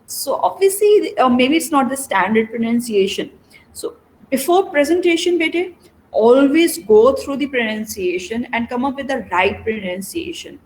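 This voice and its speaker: A woman's voice: sits high, expressive, normal speed, darkish tone, poor audio. A woman teacher giving a classroom lecture, explaining step by step and asking her students rhetorical questions.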